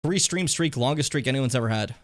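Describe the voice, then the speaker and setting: A man's voice: medium pitch, brisk. A young man streaming a video game, rambling casually and swearing often. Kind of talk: let's play commentary.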